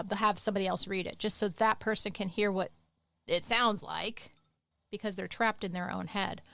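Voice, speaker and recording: A woman chats on a writing podcast, jumping between lively explanation and playful teasing as she would with her students. Her voice is mid-pitched and sits close to the mic in a dry, unreverberant recording. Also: gravelly, no echo. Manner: animated, playful teacherly asides. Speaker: podcast co-host. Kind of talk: casual podcast chat.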